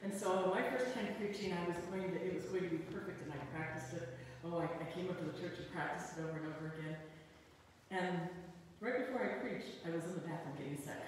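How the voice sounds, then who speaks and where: A woman pastor giving a sermon, telling a personal story in a conversational, animated way. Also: lowish voice, fast talker, a little hiss or hum. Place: church sanctuary. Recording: echoey church hall from far off.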